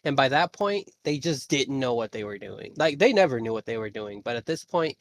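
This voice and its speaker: A man's voice: medium pitch, sing-song, brisk, vocal fry, dry recording. A man co-hosting a casual podcast chat, talkative and often laughing as he speaks. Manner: chatty, laughs often while talking. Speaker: podcast co-host.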